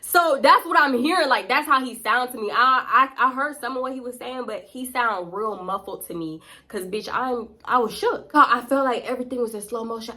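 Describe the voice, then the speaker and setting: A young woman tells a storytime vlog, animated and dramatic, full of slang and swearing. Her voice sits a bit high and is very bright and forceful. She speaks close to the camera. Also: a little fast. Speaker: vlogger. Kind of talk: casual storytime.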